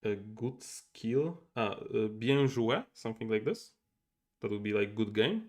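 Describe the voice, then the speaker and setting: A man's voice: fairly low pitch, lively intonation, measured pace. A young man thinking aloud while he plays a board game on a livestream and chats with viewers. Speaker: game streamer. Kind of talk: casual livestream commentary.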